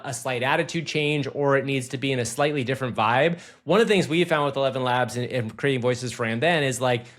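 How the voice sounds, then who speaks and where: A man co-hosting a tech podcast in an enthusiastic, conversational way. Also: mid-range voice. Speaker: podcast co-host. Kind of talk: casual tech podcast chat.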